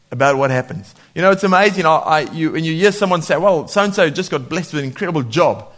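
A man preaching a sermon in a lively way, laughing often and acting out voices when he quotes people. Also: fairly high pitch, fairly quick.

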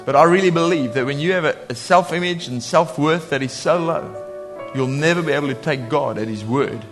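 A man preaching a sermon in a lively way, laughing often and acting out voices when he quotes people. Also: on the high side, normal speed, music in the background.

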